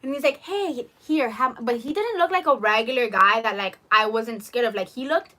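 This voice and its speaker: A young woman vlogger telling a story over lunch in a casual, animated way, full of "like" fillers and acted-out quotes. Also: on the high side, brisk.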